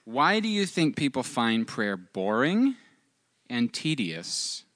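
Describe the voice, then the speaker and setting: A man's voice: mid-range voice, very animated, takes it slowly, a bit bright, dry recording, clean studio sound. A man hosting a casual interview, playful and full of questions. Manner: playful, asks questions, exclaims.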